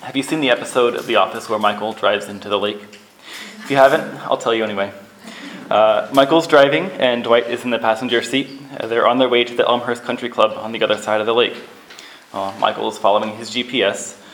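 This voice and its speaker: Man preacher, earnest and measured, middle pitch, faint room ambience behind. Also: steady tone, fairly bright tone, a little hiss or hum, poor audio. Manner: earnest, measured, briefly acts out quoted lines. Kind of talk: sermon.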